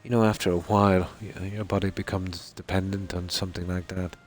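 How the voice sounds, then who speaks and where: A man with a low, deep voice chats through a late-night game stream from his room at home. His talk is loose and rambling, full of pauses and "you know"s, and a faint hiss sits under it. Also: level tone. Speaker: streamer playing a survival game. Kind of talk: casual live-stream commentary.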